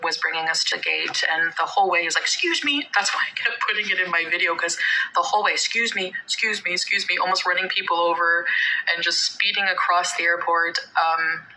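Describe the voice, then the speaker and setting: A woman's voice: fairly low pitch, steady tone, fast talker, sharp tone, slight background noise, rough recording. A woman telling a travel story in a casual vlog, rambling with many fillers and restarts. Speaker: vlogger.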